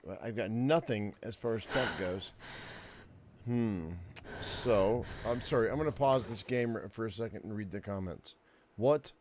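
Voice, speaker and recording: A man streaming a video game, talking casually in a mid-pitched voice while he plays. He swears freely, repeats and restarts his words, and keeps saying how angry he is. A faint noise sits under the recording. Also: darkish tone. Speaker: gaming streamer. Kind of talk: casual let's play commentary.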